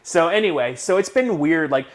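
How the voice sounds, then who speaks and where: Animated storyteller man, slightly high voice. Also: normal speed. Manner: animated, swears, acts out quotes in a raised voice. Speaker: garage collector, guest. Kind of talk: casual storytelling interview. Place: home garage, indoors.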